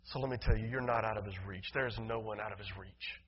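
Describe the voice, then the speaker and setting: A male pastor preaching a sermon in a church, emphatic, swinging from loud declarations to soft, low passages. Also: fairly even intonation, quick pace, slightly rough. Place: church sanctuary. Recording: dull, reverberant hall sound.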